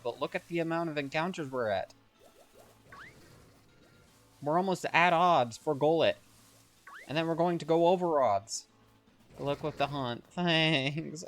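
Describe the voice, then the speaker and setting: A man live-streaming a game, chatting casually with viewers in a playful, melodramatic, teasing way. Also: fairly high pitch. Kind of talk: casual gaming stream chat.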